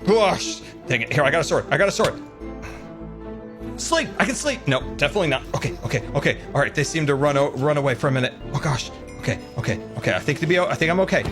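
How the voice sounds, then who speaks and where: A man giving commentary on his own Minecraft gameplay, swinging between frantic high-pitched panic and relaxed explanation. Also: very fast, few pauses, music in the background. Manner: panicky, squealing, laughing while playing. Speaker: Minecraft YouTuber.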